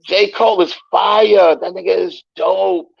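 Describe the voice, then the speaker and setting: A man guest telling stories in a casual interview, animated and profane, acting out the voices he quotes. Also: high voice, unhurried, creaky, muffled recording. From United States.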